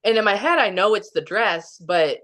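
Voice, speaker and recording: A woman from Kansas City, Missouri, appears as a podcast guest and tells a long personal story, rambling casually with plenty of fillers and acting out the quoted dialogue. Her mid-range voice is animated and fairly bright, at a normal pace.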